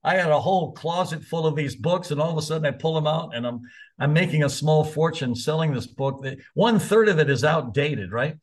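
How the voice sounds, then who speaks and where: A man's voice: on the high side, fairly quick. A man in his seventies, a college soccer coach, telling stories in a casual, candid way with the odd mild curse. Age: 70s. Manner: chatty, candid, mildly profane. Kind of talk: casual anecdotal storytelling.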